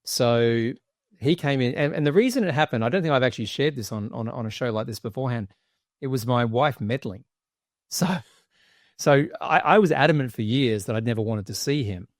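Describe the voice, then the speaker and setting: A man's voice: medium pitch, a little fast, dry recording, clean studio sound. Man telling a candid story. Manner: candid storytelling, frequent restarts. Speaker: podcast guest. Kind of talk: casual interview chat.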